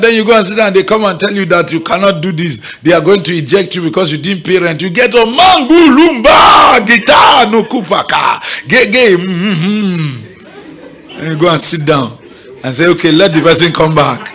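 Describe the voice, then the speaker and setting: A man's voice: high-pitched, fast, a faint crowd. A man with a Nigerian accent preaching at a morning prayer meeting, emphatic and often asking the congregation if they are following. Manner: bright, emphatic, keeps checking the audience is following. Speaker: pastor. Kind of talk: sermon. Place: church gathering.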